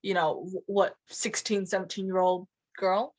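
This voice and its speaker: A woman's voice: medium pitch, level tone, normal speed, dry recording. A young woman co-hosting a podcast, talking casually and playfully. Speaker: podcast co-host. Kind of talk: casual chat.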